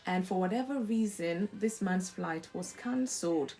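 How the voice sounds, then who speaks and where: A woman's voice: fairly low pitch, unhurried, background noise. A woman hosting a live devotional talk, telling a story with acted-out dialogue and quoting scripture. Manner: animated storyteller who acts out imagined dialogue; preacherly, quotes scripture. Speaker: host of a live faith talk show.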